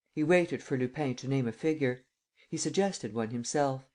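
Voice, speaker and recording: A man narrating a classic novel in a measured, steady way. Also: medium pitch. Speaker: audiobook narrator. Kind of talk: scripted narration.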